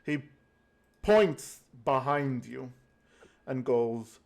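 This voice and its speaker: Slow, halting male game master. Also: medium pitch, expressive. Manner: slow, halting narration with fillers. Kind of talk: narrating a tabletop game.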